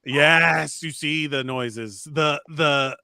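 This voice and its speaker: Podcast co-host, man, slightly high and bright voice, rambling jokey riffs, dry mic. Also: very slow, gravelly, clear, resonant tone, dry recording. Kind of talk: casual chat.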